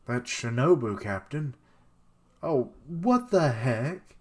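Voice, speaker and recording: A young man streaming a live reaction to a comic chapter, excitable and casual, laughing and swearing and fumbling for names as he reads. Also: on the low side, measured pace. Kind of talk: live reaction while reading aloud.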